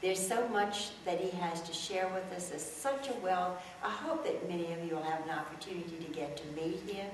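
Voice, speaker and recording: A woman's voice: on the low side, brisk, few pauses. A woman hosting a local TV talk show, welcoming viewers and her guest in a gracious, effusive way. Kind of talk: TV interview. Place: TV studio. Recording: roomy, distant mic, faint noise.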